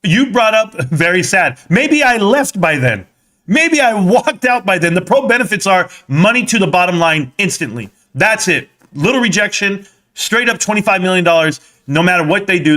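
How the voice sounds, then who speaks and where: A man streams live about stocks, sounding heated as he combatively answers people in his chat. He speaks at normal speed in an expressive, high, bright, forceful voice, punchy and confrontational all the way through.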